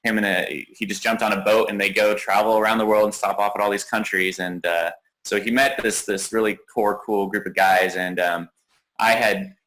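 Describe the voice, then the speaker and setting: Low, bright-voiced male client. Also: steady tone, normal speed, rough recording. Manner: rambling, with many restarts. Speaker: coaching client. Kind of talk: casual interview.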